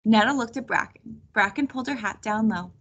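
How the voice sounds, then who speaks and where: A woman reading a children's chapter book aloud in a steady storytelling manner. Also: a little high, fairly quick, breathy edge. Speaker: reader.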